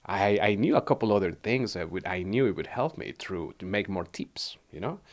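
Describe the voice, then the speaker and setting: A man's voice: fairly low pitch, expressive, normal speed. A man from Mexico with a Mexican Spanish accent, hosting a wellness livestream and telling a personal story casually, laughing often and repeating words.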